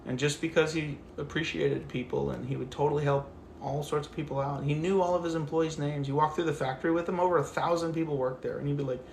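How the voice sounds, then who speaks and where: Talking fast in a voice on the high side, a man hosts a casual phone livestream while walking his dog. The recording is reverberant with a bit of background noise. He's an animated storyteller who acts out quotes and swears freely.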